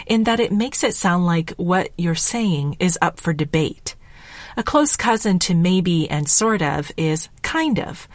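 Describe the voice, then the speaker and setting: Measured woman podcast host, dry close mic. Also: fairly low pitch, no echo. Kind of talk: scripted solo podcast talk.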